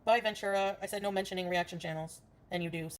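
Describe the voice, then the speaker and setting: A woman's voice: lowish voice, steady tone, fast talker. A woman streamer, from Canada, ranting in a defensive, profane way during a livestream.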